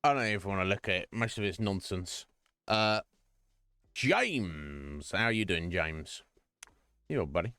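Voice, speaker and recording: A man's voice: deep voice, animated, measured pace, pauses often, pushed and bright, clean tone, dry recording, studio quality. A man chatting casually with viewers on a game stream, rambling with lots of fillers and restarts.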